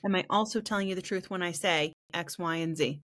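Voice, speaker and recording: A woman in her thirties hosting a podcast, telling a story in a blunt, profane, animated way. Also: fairly low pitch, brisk. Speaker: podcast host and spiritual practitioner. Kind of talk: casual storytelling chat.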